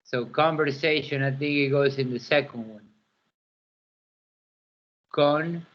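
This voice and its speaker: A man's voice: medium pitch, fairly even intonation, normal speed. A man teaching an English pronunciation lesson, repeating words to model their stress. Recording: dull lo-fi classroom recording.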